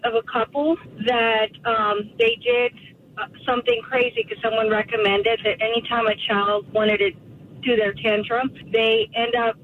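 A woman's voice: fairly high pitch, level tone, moderate pace, a little hiss or hum. Woman caller on a tinny phone line. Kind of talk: casual chat on a call.

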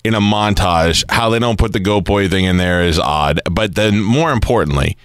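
A man's voice: lowish voice, normal speed, a bit bright, clear, resonant tone, dry recording, studio quality. A man hosting a radio interview, with opinionated, jokey banter. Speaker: radio host.

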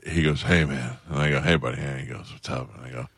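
A man's voice: extremely low pitch, fairly even intonation, fast talker, a bit bright, husky, dry recording. A man hosting a radio talk show, chatting in an easygoing way. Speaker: radio host. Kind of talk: casual radio chat.

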